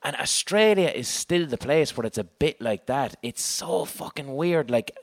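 At a normal speed and a slightly high pitch, an Irish host leads a live, comedic podcast chat before a crowd. He swears heavily, stays animated, and breaks into laughter again and again.

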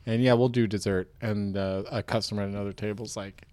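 A man's voice: on the low side, steady tone, quick pace, a little mellow, dry recording. A man hosting a comedy podcast who laughs often while he builds a crude improvised scene.

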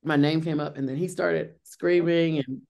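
A woman's voice: sits low, steady tone, normal speed, vocal fry, a little mellow. A middle-aged woman, a Broadway actress being interviewed, talking in a chatty way with many restarts and fillers. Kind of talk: interview conversation.

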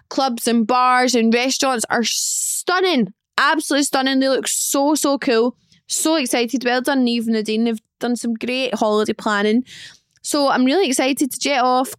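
A woman in her twenties hosting a podcast, talking alone in a chatty, excitable, self-mocking way about her life. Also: high voice, clear, resonant tone, dry recording, studio quality. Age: 20s. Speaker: podcast host. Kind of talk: casual solo life-update chat.

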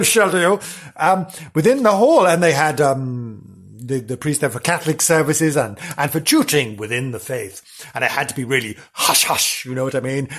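Brief: man hosting a comedy history podcast, husky voice, lively rise and fall, gossipy and theatrical. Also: on the high side. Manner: theatrical, gossipy, mock-dramatic. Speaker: podcast host. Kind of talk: comic storytelling.

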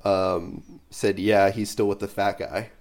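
A man's voice: on the low side, fairly even intonation, slow, darkish tone. Offhand, wisecracking male podcast co-host. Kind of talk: casual chat.

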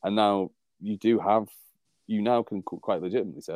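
A man's voice: on the low side, fairly quick, a little mellow, no echo. A man from England co-hosting a rugby podcast in casual chat, rambling and wry, often laughing at his own jokes. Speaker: podcast co-host.

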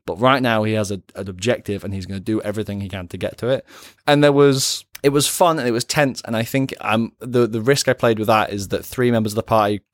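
Fast-talking man telling stories. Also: on the low side, no room sound. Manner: animated storytelling, acts out quotes. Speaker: podcast co-host and game master. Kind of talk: casual chat.

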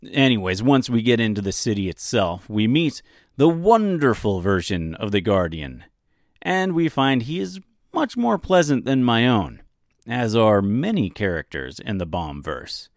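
A man's voice: lowish voice, very animated, a little slow, no echo, clean studio sound. A man hosting an audiobook podcast, giving wry, self-deprecating commentary.

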